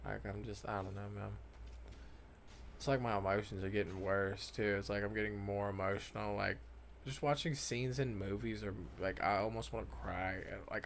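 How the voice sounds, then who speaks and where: Gravelly young man rambling, lots of swearing. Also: lowish voice, slight background noise. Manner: rambling, swears often, trails off. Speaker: gaming vlogger. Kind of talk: casual talk over gameplay footage.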